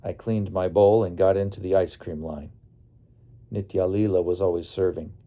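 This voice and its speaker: A man narrating his memoir as an audiobook in a calm, wry storytelling manner. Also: low voice, normal speed. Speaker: narrator and bus driver.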